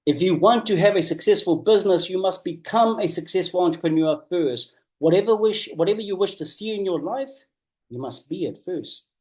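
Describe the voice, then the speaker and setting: Mellow earnest New coach. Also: male voice, high-pitched. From New Zealand. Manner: earnest and emphatic, repeats key phrases, slows down to stress points. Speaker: business coach. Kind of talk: motivational coaching talk.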